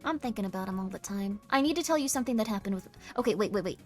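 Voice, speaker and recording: A tired young woman streaming, chatting casually with her viewers and squealing into high notes when something excites her. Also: very fast, faint music behind. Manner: bubbly, jumps to squeaky highs when excited. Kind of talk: casual live-stream chat.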